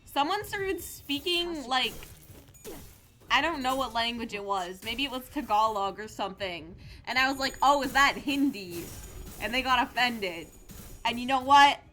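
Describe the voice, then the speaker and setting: Woman streamer from California, bright and a bit high, sarcastic live game chatter, faint music behind. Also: moderate pace. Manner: playful, sarcastic, rambling chat with sudden loud outbursts.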